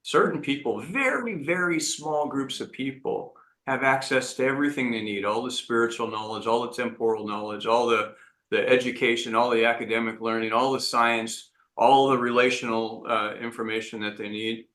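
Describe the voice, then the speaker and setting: A man's voice: medium pitch, moderate pace, fairly bright tone, echoey room. A man speaking earnestly as an entrepreneur guest in an interview, often restarting his sentences. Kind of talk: reflective interview talk.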